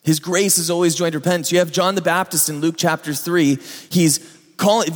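A man's voice: sits high, fairly quick. Male preacher in an echoey hall. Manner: conversational storytelling with asides to the listener. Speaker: pastor. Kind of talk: sermon.

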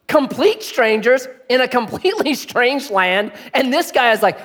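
A middle-aged male pastor with a high voice preaches a lively sermon, swinging widely in pitch. He jokes and acts out the voices of the people in his story. His voice rings with the long reverb of a church hall. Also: normal speed, hardly any pauses. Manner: animated, jokey, acts out voices.

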